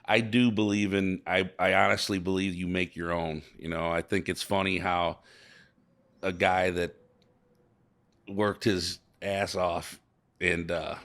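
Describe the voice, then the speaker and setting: Gravelly low-voiced St. man. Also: flat delivery, a bit bright. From St. Louis, USA. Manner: halting, repeats words, emotional and earnest. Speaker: business owner guest. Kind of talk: casual interview.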